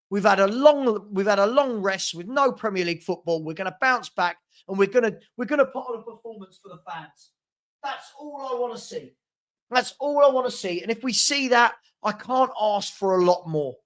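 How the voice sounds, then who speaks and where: A man's voice: high voice, a bit bright. A young man hosting a live football watchalong from his home room, chatting casually and reading out viewer comments. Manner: chatty, reads out viewer comments, scolds a puppy. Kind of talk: casual live-stream chat.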